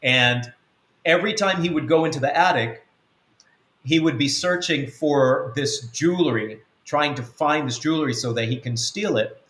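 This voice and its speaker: A man with a fairly high-pitched, fairly bright voice, a spiritual coach and mentor, teaches conversationally at a moderate pace on a web-church show. He rambles with many ums and acts out snippets of quoted dialogue, and the recording has a roomy echo.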